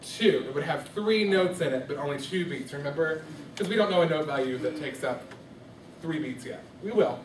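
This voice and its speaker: A man's voice: a little high, lively intonation, normal speed, noisy background. A man teaching a class from afar. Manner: questioning, coaxing students to answer. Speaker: music teacher. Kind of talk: classroom microteaching lesson. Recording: echoey classroom from far off.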